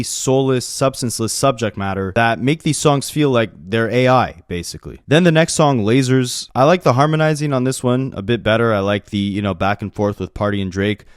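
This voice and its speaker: A man's voice: medium pitch, dry recording, clean studio sound. A man giving a casual, opinionated album review in a conversational way with lots of fillers. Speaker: music reviewer.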